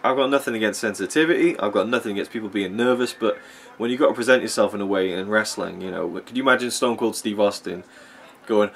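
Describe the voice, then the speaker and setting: Rambling, opinionated man with a low voice. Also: quick pace, slightly rough. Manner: rambling, opinionated, with frequent fillers. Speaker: wrestling vlogger. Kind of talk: casual commentary while watching a match.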